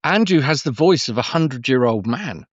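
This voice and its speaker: A man's voice: mid-range voice, lively intonation, normal speed, no room sound. Rambling middle-aged Englishman, dull lo-fi sound. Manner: meandering, effusive, full of restarts. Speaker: guest storyteller. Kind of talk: conversational interview.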